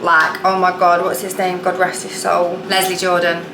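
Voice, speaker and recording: A woman's voice: on the low side, completely flat delivery, moderate pace, noisy background. A woman who coaches manifestation, chatting bluntly and casually with some swearing while she cooks dinner at home. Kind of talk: casual vlog talk while cooking. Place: home kitchen, cooking dinner. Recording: echoey kitchen with cooking clatter.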